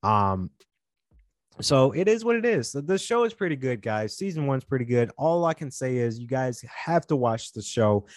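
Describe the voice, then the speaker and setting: A man's voice: mid-range voice, very animated, normal speed, no room sound, clean studio sound. A young man hosting a podcast in a casual monologue, rambling and earnest, often restarting his sentences. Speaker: podcast host.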